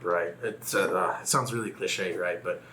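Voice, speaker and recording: A low-voiced man from Texas speaks as a guest in a relaxed conversation. His tone is bright and forward, and he talks reflectively as he tells a personal story. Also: normal speed, a little hiss or hum. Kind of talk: casual conversation.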